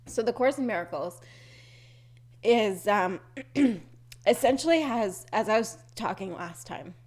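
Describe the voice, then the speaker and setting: Slow-spoken woman with a throat tickle. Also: mid-range voice, lively intonation, darkish tone, breathy edge. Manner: rambling, searching for words, frequent restarts; earnest, repetitive affirmations. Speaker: podcast host. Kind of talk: unscripted spiritual talk.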